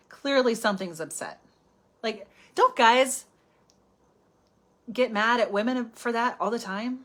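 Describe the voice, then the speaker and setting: Woman host, casual live self-help talk, expressive, slips into whispered asides. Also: fairly high pitch, unhurried, long pauses. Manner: animated, chatty, often drops to a whisper for asides. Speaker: healing coach hosting a live stream.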